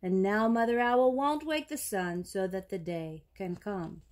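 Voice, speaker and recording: A woman voicing a stern male lion king in a storybook reading, speaking in a measured, commanding way. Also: mid-range voice, darkish tone, natural voice.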